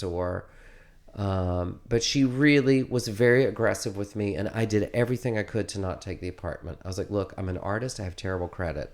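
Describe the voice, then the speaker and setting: A man being interviewed, telling a long story in a rambling, animated way with many restarts. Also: lowish voice. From United States. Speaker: interviewed musician. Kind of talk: casual interview.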